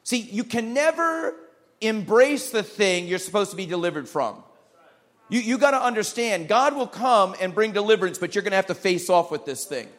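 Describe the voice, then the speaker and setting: A man with a high-pitched voice delivers a sermon as a pastor. He preaches emphatically, hammering home his points with repeated phrases and calls of amen. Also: expressive, normal speed, fairly bright tone.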